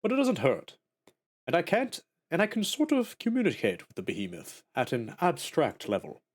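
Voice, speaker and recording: A man's voice: fairly high pitch, wildly swooping pitch, moderate pace. A man voicing a young male witch fused with a monster, reading the game dialogue aloud in a wry, self-mocking, matter-of-fact way.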